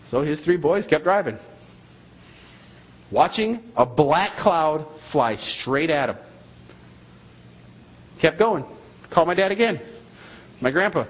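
A man's voice: a little high, lively intonation, slow, pauses often, slightly rough, rough recording. A man, a missionary, preaching a sermon and telling a story in an emphatic, repetitive way.

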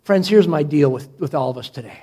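High-voiced impassioned male pastor preaching. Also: animated, fast talker, slightly rough. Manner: impassioned preaching that drops to soft prayerful reading. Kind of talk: sermon. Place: church sanctuary.

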